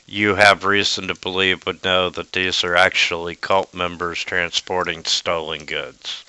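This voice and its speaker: Slow, crisp-voiced male game master. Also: low-pitched, little pitch movement, pushed and bright, no room sound, low-quality recording. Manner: hesitant, many fillers. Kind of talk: narrating a tabletop game over voice chat.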